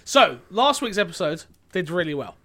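A man with a high, bright, forceful voice, co-hosting a podcast. He talks loud and fast to his co-host, ribbing him and swearing freely. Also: very animated. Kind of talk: casual podcast chat.

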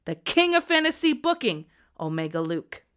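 A woman in her thirties hosting a podcast, bubbly and laughing, swinging from loud to soft. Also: a little high, sing-song, moderate pace, noisy background. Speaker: podcast host.

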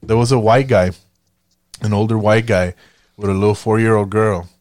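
A man's voice: fairly low pitch, normal speed, no echo. Man telling profane stories, dry sound. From Chicago. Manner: profane, animated storytelling with acted-out quotes. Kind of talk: casual chat.

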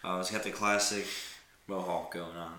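A man's voice: low-pitched, moderate pace, echoey room, slight background noise. Laid-back man running a tabletop game. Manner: relaxed, descriptive narration with frequent laughs. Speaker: game master.

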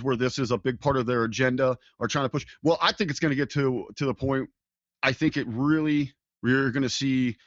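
A man's voice: mid-range voice, no room sound. A man chatting casually as a podcast co-host, rambling through a story with plenty of fillers and false starts. His voice comes through dull and lo-fi, with a dry, close sound. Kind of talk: casual chat.

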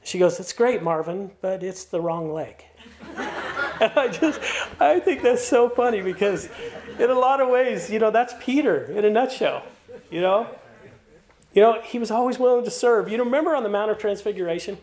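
A man's voice: extremely high pitch, animated, normal speed, darkish tone. A middle-aged male pastor preaching a sermon, mixing stories told with playful asides and earnest encouragement.

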